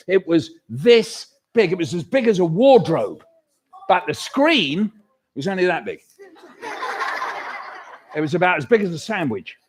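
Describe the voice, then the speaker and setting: Older storyteller, high and animated, playing to a crowd of children. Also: male voice. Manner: animated, leads audience call-and-response. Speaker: children's author performing. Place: hall at live awards event.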